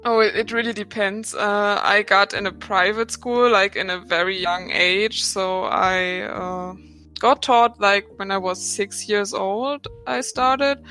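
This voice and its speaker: A woman's voice: medium pitch, fairly even intonation, takes it slowly, bright, forceful tone. Woman, twenties, German accent, podcast guest, casual, laughing, fillers, music bed. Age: 20s. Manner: laughs often, many fillers and restarts. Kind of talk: casual chat.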